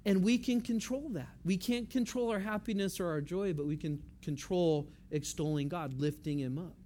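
A man with a fairly high voice preaches a sermon in a relaxed, conversational way. He repeats key phrases to drive his points home. A faint hiss of room noise sits behind him. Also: normal speed. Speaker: pastor.

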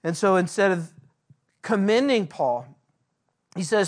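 A man, a pastor, giving a verse-by-verse Bible teaching in an earnest way, slowing down when he reads scripture aloud. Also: high-pitched, animated.

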